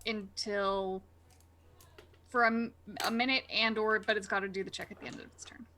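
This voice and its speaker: A woman's voice: mid-range voice, steady tone, moderate pace, pushed and bright, a little hiss or hum. A woman playing a tabletop game on a livestream, hesitant and self-deprecating as she calls her rolls. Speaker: player.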